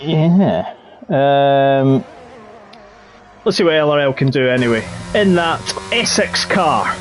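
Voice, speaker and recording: A man's voice: medium pitch, lively intonation, slow, soft background music. A man giving live sim-racing commentary in a chatty, jokey way with playful quips. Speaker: race commentator.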